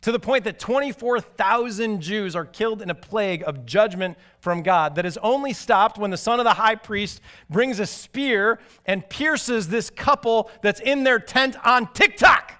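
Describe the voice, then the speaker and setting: A man preaching a sermon, telling stories animatedly and moving from excited to hushed and grave. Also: sits high, unhurried, hardly any pauses. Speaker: pastor.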